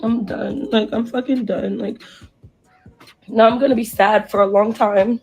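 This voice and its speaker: A young woman performer, crying and hoarse, ranting profanely and in distress straight at her livestream viewers. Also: on the high side, steady tone, a little slow, darkish tone, faint music behind, rough recording. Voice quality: husky. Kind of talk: emotional livestream rant.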